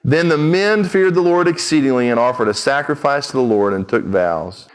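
A man's voice: medium pitch, expressive, moderate pace, clear, resonant tone, poor audio. A man preaching a sermon, reading scripture aloud and breaking off into direct, emphatic asides to his listeners. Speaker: pastor.

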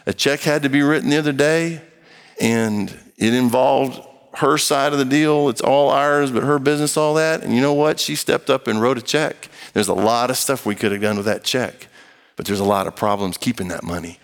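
Heard in a large hall, a male pastor of medium pitch and normal speed preaches a sermon and reads from scripture. His tone toward the congregation is emphatic yet conversational, sprinkled with playful bits he acts out.

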